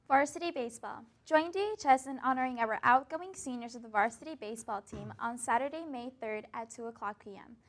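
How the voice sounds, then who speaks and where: A woman's voice: on the high side, a little fast, few pauses. A teenage girl presenting a school news show in an upbeat manner. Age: teens. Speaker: student news anchor.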